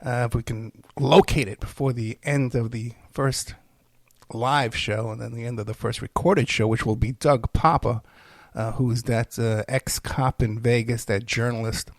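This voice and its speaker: Gravelly, weary middle-aged man rambling. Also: mid-range voice, steady tone, normal speed, no room sound. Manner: rambling, weary, self-deprecating joking. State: tired, unwell. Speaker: podcast host. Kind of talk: casual solo monologue.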